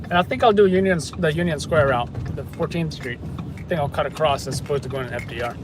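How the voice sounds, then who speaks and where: A chatty man talks to his viewers as he drives, thinking aloud in a fairly high voice. Loud street traffic fills the background of the car. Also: quick pace. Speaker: live-streaming news videographer. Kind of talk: casual live-stream chat while driving.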